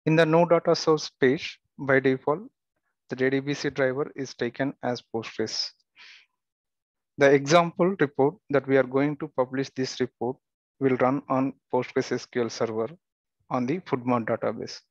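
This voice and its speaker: Man giving a plain step-by-step software walkthrough. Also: mid-range voice, moderate pace, no room sound, lo-fi sound. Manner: steady step-by-step instructions with occasional fillers and restarts. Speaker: software tutorial instructor. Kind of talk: screen-recorded software tutorial.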